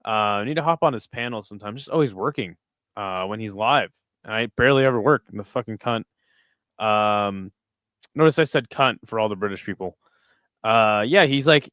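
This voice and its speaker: A man's voice: lowish voice, brisk, fairly bright tone, smooth, dry recording. Crude, joking man on a dry mic. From United States. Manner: crude, joking, chatting with viewers between fight calls. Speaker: streamer hosting a fight watch party. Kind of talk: casual live-stream commentary.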